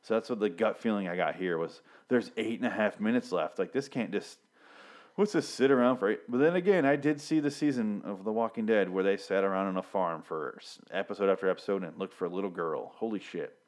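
A man's voice: fairly low pitch, fairly quick, darkish tone. A young man giving a casual, rambling TV recap, swearing often and restarting his sentences as he gets worked up and flustered. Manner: rambling, profane, frequent restarts and fillers. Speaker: TV episode recapper. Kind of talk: casual rant.

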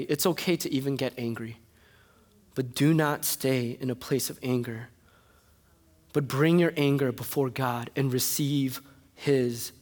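Man preaching with animated storytelling. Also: a little high. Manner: animated storytelling, shifting to soft earnest preaching. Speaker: pastor. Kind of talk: sermon.

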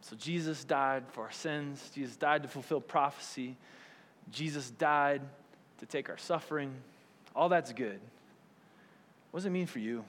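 A man's voice: medium pitch, a little slow, long pauses, fairly bright tone. A man preaching a conversational sermon, often asking "right?" and acting out quoted voices. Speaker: pastor. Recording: long hall reverb.

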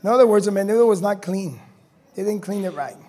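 High-voiced pastor preaching with fire. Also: male voice, fast. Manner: rising to shouted preaching, call-and-response with congregation. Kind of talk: sermon.

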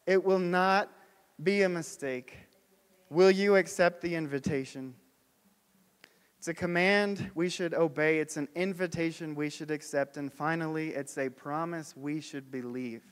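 A man's voice: a little high, unhurried, clean tone. A man preaching a sermon as pastor, telling stories and putting questions to the congregation. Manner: storytelling, asks the congregation questions. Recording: long hall reverb.

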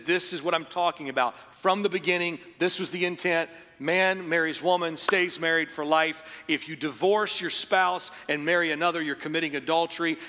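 A middle-aged male pastor preaching in a church sanctuary, his bright, forceful voice pitched a little high. He moves from earnest, quiet passages to driving emphasis. The sound carries a long reverb from the hall. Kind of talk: sermon.

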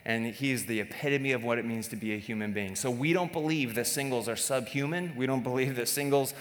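A man's voice: mid-range voice, a little fast, big-room sound. A man preaching a sermon to a congregation, in a conversational, joking way with many restarts and fillers. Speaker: pastor. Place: church service.

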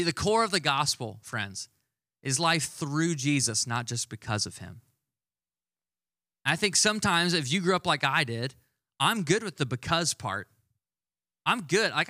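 Pria berkhotbah santai, suara cerah dan kering. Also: male voice, fairly high pitch, animated, bright, forceful tone, no echo, clean studio sound. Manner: conversational, emphatic preaching with slowed stressed words. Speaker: pastor. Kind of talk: sermon.

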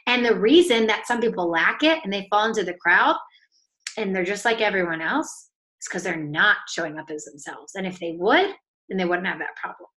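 A woman's voice: mid-range voice, a little fast. A woman author and coach, a podcast guest, telling an upbeat story in casual talk and acting out the lines of the people in it. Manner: upbeat, animated, acts out dialogue in her story.

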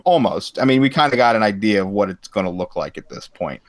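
A man's voice: lowish voice, sing-song, fast talker. A man hosting a podcast in a casual chat, joking with his guests and laughing often. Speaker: podcast host.

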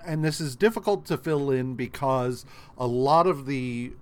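A man's voice: mid-range voice, a little slow, a little mellow. A man co-hosting a podcast, casually retelling a story in a rambling, profane way with many fillers. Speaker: podcast co-host. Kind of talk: casual comic recap chat.

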